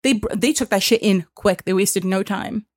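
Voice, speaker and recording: A young woman co-hosting a podcast, telling a story in a casual, animated, exasperated way with lots of swearing. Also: medium pitch, normal speed, no room sound, clean studio sound. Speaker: podcast co-host.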